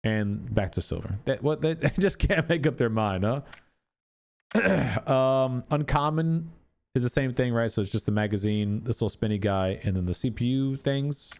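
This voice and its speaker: A man talking through a game update at an easy, unhurried pace, thinking aloud as he goes. His voice sits at an ordinary middle pitch, and he fills his sentences with loose, chatty asides. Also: gravelly, a little mellow. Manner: thinking aloud, chatty, fond of filler words. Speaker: gaming YouTuber. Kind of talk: casual gameplay commentary.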